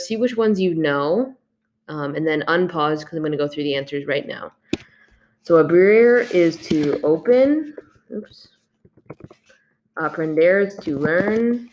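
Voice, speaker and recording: A woman's voice: lowish voice, slight background noise. A young woman teaching a video lesson, going over her class notes in a casual, chatty way with plenty of fillers. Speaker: Spanish teacher. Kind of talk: recorded classroom lesson walkthrough.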